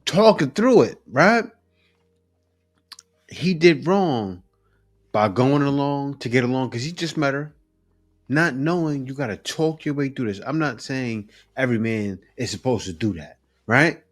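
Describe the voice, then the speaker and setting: A man's voice: mid-range voice, expressive, unhurried. A man hosting a reaction video, giving blunt, emphatic commentary with chuckles.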